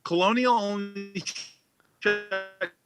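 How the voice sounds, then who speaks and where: A man's voice: high voice, fairly even intonation, takes it slowly, music in the background, low-quality recording. Insistent male show host. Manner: insistent, pressing questions. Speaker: show host, company chairman. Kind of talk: casual show banter. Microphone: remote call.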